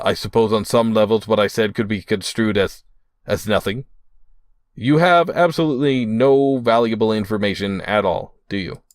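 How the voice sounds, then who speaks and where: A man's voice: medium pitch, no room sound, clean studio sound, voice pushed up, close to an everyday voice. A man voicing a pompous, long-winded male townsman in a game, speaking in a rambling, flowery and grandiose manner in a raised voice.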